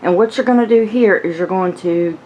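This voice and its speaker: A woman's voice: mid-range voice, fairly quick, a little mellow, dull audio, slight background noise. A woman hosting a casual crochet tutorial from her floor at home, a little out of breath, chatty and rambling, laughing at herself. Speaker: crochet channel host.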